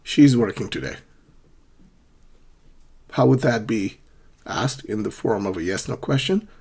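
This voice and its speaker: A man's voice: lowish voice, moderate pace. A man teaching an English grammar lesson, patiently reading out example questions and answers. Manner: patient, repeats examples with clear question intonation.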